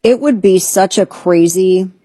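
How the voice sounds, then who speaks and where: A woman's voice: medium pitch, a little slow, warm tone, no room sound. A woman hosting a political commentary show, talking in an indignant, sarcastic, emphatic way. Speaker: host.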